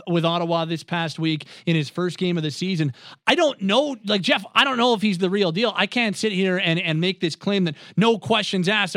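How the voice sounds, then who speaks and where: A man with a notably high voice questions the others' picks, backing his doubts with numbers. His voice is recorded close and dry, with no room sound. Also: a bit bright, no echo. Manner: skeptical, argues with stats. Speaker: fantasy football analyst co-host. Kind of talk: casual sports panel chat.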